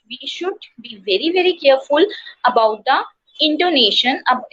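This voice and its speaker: High bright woman teaching with Indian accent. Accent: Indian English. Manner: explains slowly with many pauses and fillers. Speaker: online class teacher. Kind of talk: lecture to students. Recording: dull lo-fi online class audio.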